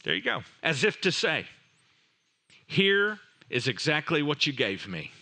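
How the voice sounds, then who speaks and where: A man's voice: a little high, very animated, measured pace, bright, forceful tone. A man preaching a sermon, retelling a parable dramatically with rhetorical questions and voiced characters. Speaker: pastor.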